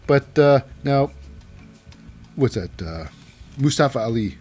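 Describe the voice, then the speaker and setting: A man's voice: mid-range voice, sing-song, measured pace, long pauses, soft background music. Rambling man recapping wrestling casually. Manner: rambling, chatty, many fillers.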